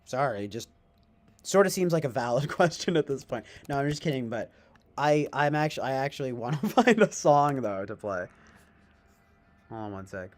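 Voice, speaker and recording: A man's voice: mid-range voice, sing-song, normal speed. Young male streamer, tipsy late-night rambling, laughs a lot, voice swings up and down. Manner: joking, self-mocking, laughs often, sudden loud outbursts. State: intoxicated. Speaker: livestreamer. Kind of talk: rambling livestream chat to viewers.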